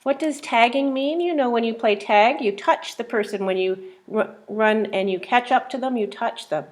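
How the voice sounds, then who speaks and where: A woman's voice: fairly high pitch, normal speed. A woman teacher reading a simple phonics book aloud to young children, sounding out words and asking questions.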